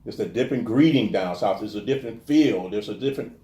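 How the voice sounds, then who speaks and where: A man from the telling stories in a casual interview, animated and restarting his sentences often. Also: on the low side, fast talker, roomy sound. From American South. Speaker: guest talking about his life.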